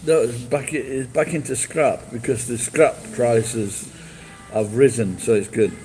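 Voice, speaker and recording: A man's voice: medium pitch, a little slow, mellow, soft background music, rough recording. A man live streaming and chatting with viewers, blunt and profane as he berates them.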